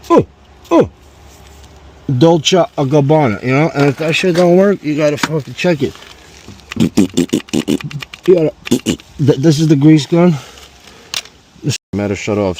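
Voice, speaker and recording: A man in his forties with a mid-range voice does an outdoor oil change at home while casually telling a story for his DIY car vlog. He's profane, joking, rambling, and animated, and a little hiss or hum can be heard.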